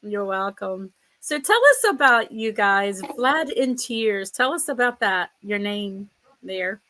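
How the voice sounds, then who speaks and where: A woman's voice: mid-range voice, takes it slowly, pushed and bright. A woman hosting a casual interview show, chatty and upbeat, laughing often. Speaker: host.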